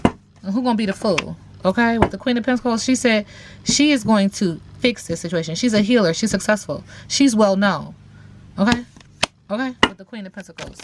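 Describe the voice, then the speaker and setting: A woman's voice: mid-range voice, a little fast, background noise. A woman giving a casual tarot reading, talking in a sassy, slang-heavy way with playful teasing asides to viewers. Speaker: tarot reader.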